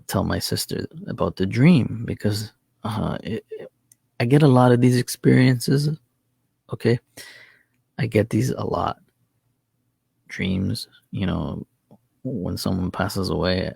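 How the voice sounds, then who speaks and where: Gravelly husky man telling a story. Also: fairly low pitch, darkish tone, no room sound, clean studio sound. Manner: rambling, repeats himself, laughs easily. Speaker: channel host. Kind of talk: casual storytelling chat.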